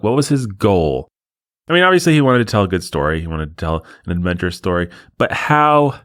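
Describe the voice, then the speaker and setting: A man's voice: on the low side, dry recording. A man hosting a podcast alone in the studio, riffing in a sarcastic, rambling way. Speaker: podcast host. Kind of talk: solo podcast monologue.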